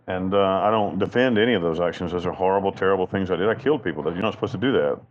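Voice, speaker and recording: A man's voice: sits low, racing, highs cut off, a little hiss or hum. A man from Western North Carolina, an interview guest telling stories in a rambling, blunt, profane and self-mocking way. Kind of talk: candid storytelling interview.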